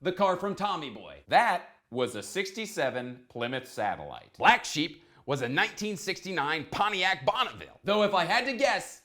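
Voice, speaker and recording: A man narrating a video essay in an energetic, emphatic way with quick asides. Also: high-pitched. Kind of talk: scripted narration.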